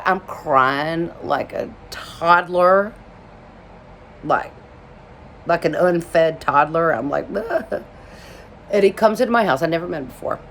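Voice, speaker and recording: A woman from Alabama tells a personal story to camera in an emotional, rambling way, full of "like" fillers. Her voice sits low for a woman. A faint hum runs behind her. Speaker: vlogger telling a personal story.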